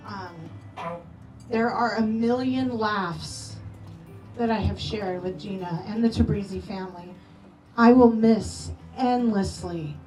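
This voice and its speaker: A woman telling affectionate, animated stories about a late friend at a memorial, acting out quoted lines. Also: medium pitch. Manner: animated storytelling with playful quoted voices. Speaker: memorial speaker. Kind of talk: eulogy storytelling. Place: memorial gathering hall. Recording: roomy echo, distant from mic, soft music.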